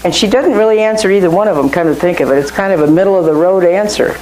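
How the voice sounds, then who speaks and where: A woman's voice: fairly low pitch, quick pace, warm tone, reverberant, slight background noise, poor audio. A woman leading an informal Bible study, talking through scripture in a conversational way and often repeating and restarting phrases. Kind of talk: informal Bible teaching to a small group.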